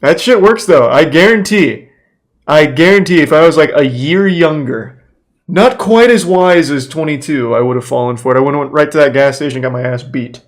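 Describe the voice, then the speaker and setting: A man's voice: a little high, brisk. A man in his late twenties, a streamer casually reacting to a video and telling a story, crude and joking. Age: 20s. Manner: crude, joking, acts out voices in anecdotes.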